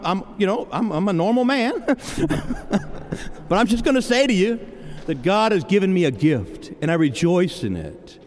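A middle-aged man preaching from the pulpit in a church, his high voice rising and falling with lively swings. He speaks earnestly and personally, stammering and restarting as he testifies. The sound rings out with a long reverb through the hall. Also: a little hiss or hum. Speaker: pastor. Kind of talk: sermon.

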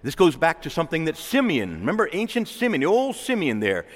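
A man, a priest, preaching an urgent, emphatic sermon full of rhetorical questions, and he calls himself a loudmouth. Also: fairly high pitch, huge pitch swings, a little fast, big-room sound. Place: church.

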